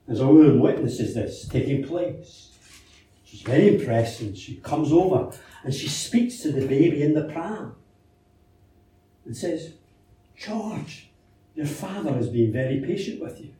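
A man's voice: mid-range voice, lively intonation, measured pace, pauses often, mellow. Man preaching in an echoey church. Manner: conversational preaching with rhetorical questions and anecdotes. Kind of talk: sermon. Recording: very echoey church hall from a distance.

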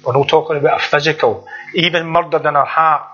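A man's voice: a little high, steady tone, fast talker, bright, forceful tone, faint music behind. A man preaching a sermon in an earnest, conversational way, repeating himself and asking the listeners rhetorical questions. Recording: dull lo-fi recording.

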